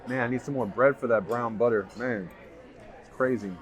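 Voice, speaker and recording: Guy food vlogger gushing over a dessert, mid-pitch voice, loud restaurant chatter behind him. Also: normal speed. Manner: enthusiastic, raving about each bite. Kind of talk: casual food review to camera. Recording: busy restaurant crowd behind. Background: restaurant crowd chatter.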